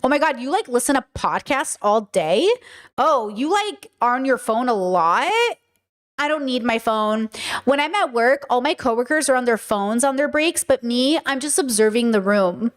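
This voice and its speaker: A woman podcast host chatting casually, acting out quoted exchanges with animated energy. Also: fairly high pitch, moderate pace. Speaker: podcast host reacting to a video. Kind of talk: casual chat.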